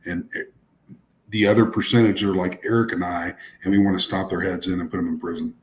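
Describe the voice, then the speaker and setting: A man co-hosting a police livestream, ranting with swearing and quick apologies. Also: low voice, fairly even intonation, a little hiss or hum. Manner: ranting, profane, apologetic asides. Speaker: co-host. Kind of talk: casual livestream chat.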